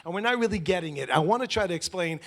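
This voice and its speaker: A man teaching a live audience at an event, animated and quizzing the room with questions. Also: sits high, racing. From lives in Israel. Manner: animated, asks the audience questions, acts out little scenes. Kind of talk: lively talk to a live audience.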